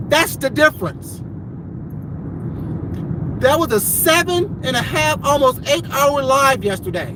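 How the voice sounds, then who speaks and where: A woman's voice: high voice, animated. Woman ranting outdoors over traffic noise. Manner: confrontational, profane, swings between measured and loud. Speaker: vlogger. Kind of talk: heated direct-to-camera rant. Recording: noisy outdoor recording with traffic.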